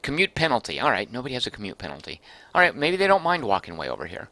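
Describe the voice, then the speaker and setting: A man's voice: mid-range voice, wildly swooping pitch, rapid-fire, pushed and bright. A man casually commenting as he streams a game, thinking aloud and reading out viewer comments.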